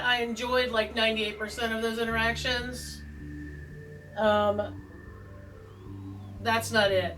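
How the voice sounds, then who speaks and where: A woman with a fairly high, sharp voice rambles through a tarot video, joking, self-deprecating and full of asides. She is recorded from a distance on a rough recording, with faint music in the background.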